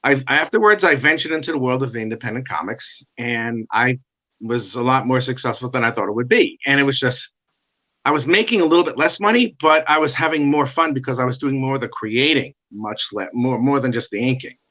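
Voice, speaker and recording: A middle-aged man telling his life story in a casual interview, animated and acting out the voices of others. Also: medium pitch, fairly quick. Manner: animated, acts out quoted dialogue. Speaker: guest comic artist. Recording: dull lo-fi sound.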